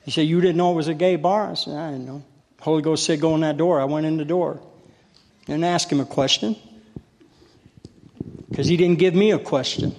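A man's voice: on the high side, fairly even intonation, moderate pace, long pauses, a little mellow. A male preacher telling folksy, self-deprecating stories in a sermon. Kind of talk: sermon with storytelling. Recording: long hall reverb.

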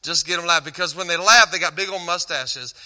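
In a large hall, a man with a Texan accent, a Christian cowboy singer and speaker, gives a loose, joking talk to a church crowd and keeps interrupting himself mid-sentence. His voice is on the high side, bright and forceful, and moves a little fast.

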